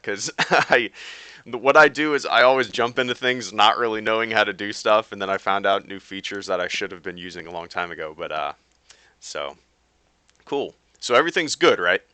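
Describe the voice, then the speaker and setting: A man's voice: on the low side, bright, forceful tone, clean tone, no echo. A man chatting casually with viewers on a live stream while he plays a game, rambling with lots of fillers and restarts. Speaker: YouTube streamer.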